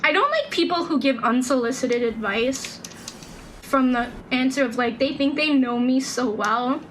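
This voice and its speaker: Young woman streamer rambling while she plays, high voice, bit of faint hiss behind her. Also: moderate pace, fairly bright tone, rough recording. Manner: chatty, rambling, lots of "like" and restarts. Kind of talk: casual gameplay stream chat.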